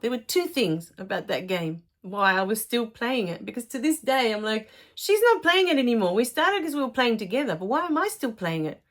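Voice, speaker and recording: Chatty woman coach. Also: sits high. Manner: chatty, warm storytelling with laughs. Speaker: life coach. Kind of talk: casual monologue to followers.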